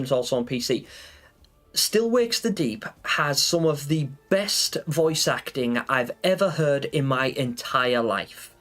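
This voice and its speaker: A man's voice: a little high, a bit bright. A man chatting casually on a gaming livestream, rambling with lots of fillers and answering viewers. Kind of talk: casual live-stream chat.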